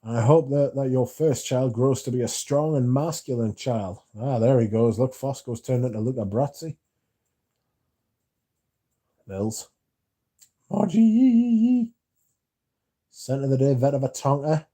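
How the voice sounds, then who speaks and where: A man's voice: mid-range voice, normal speed, few pauses, dark tone. A young British man hosting a casual livestream, chatting loosely and reading out viewer comments, drowsy, with lots of filler words. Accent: British English. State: drowsy, yawning. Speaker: livestream host reading chat.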